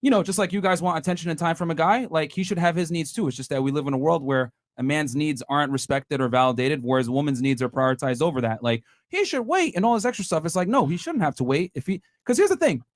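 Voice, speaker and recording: A man's voice: fairly high pitch, quick pace, few pauses, no room sound, studio quality. A man hosting a heated panel debate, blunt and profane, talking over the women around him. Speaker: podcast host.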